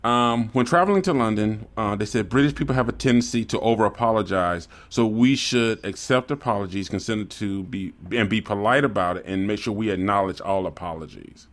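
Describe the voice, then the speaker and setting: A man's voice: fairly low pitch, a little fast, few pauses. A man co-hosting a podcast, reading listener questions aloud and adding wry remarks. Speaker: podcast co-host. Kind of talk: casual chat.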